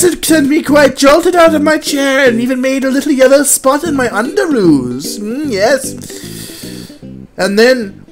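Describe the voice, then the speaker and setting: A woman playing a pompous, bumbling male horror storyteller who narrates a spooky story theatrically, with blustery outbursts. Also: a little high. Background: plucked guitar music.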